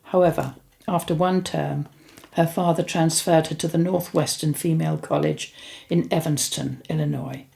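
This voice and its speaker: Older woman with a gravelly voice. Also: sits low, fairly even intonation, moderate pace, warm tone. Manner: chatty, rambling, with self-corrections. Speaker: host recounting spiritual experiences. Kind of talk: casual storytelling and reading aloud.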